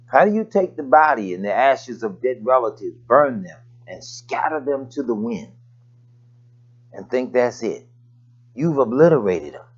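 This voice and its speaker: Lively-voiced male preacher, dull recording. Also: mid-range voice, unhurried, husky. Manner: conversational preaching with folksy asides and scripture readings. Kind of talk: sermon.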